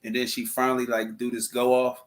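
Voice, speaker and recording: A young adult man co-hosts a casual chat in a brisk, monotone, mid-range voice. He is earnest and a bit preachy, addressing viewers in asides and acting out what people say.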